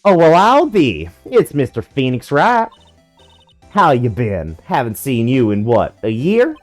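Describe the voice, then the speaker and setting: A pushy, boastful southern gal with a big folksy drawl, as a man puts her on. The voice sits well above a man's usual pitch and swings up and down with gusto, while loud, hollered calls cut through. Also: very animated, unhurried, faint music behind. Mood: hollering. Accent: Southern US, put on. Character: brash southern woman photographer, loud and pushy. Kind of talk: fan voicing of a game character.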